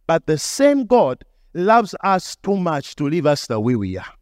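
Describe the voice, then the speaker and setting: Lively high-voiced pastor. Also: male voice, unhurried, few pauses, dry recording, clean studio sound. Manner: animated, acts out dialogue with shifting pitch. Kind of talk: storytelling sermon.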